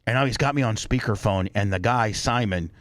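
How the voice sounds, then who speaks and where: Blunt, animated male radio host. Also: lowish voice, a little fast, no room sound. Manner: blunt, animated storytelling with profanity. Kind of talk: casual talk-show chat.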